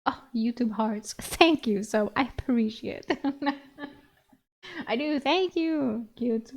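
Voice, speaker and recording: A woman streamer with a fairly high, creaky, darkish voice slowly reads a fantasy novel aloud. She laughs often and breaks off for casual asides, mixing audiobook reading with reaction commentary.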